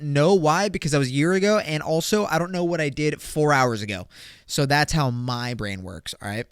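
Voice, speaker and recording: A young man hosts a casual solo podcast, joking and rambling as his volume swings from loud bursts to mumbled asides. His voice is smooth and resonant, close on the mic in a dry, dead room. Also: fairly high pitch, no room sound. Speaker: podcast host.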